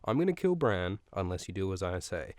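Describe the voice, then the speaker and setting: A man putting on a desperate male wildling hostage taker who makes blunt, hurried threats. The voice sits low and plain, recorded close and dry. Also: big pitch swings, a little mellow, no echo.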